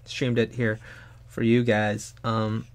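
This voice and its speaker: A young adult man chatting casually while he draws on a live stream, rambling and animated, sometimes bursting into loud high put-on exclamations. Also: takes it slowly, no room sound. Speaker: streamer and artist.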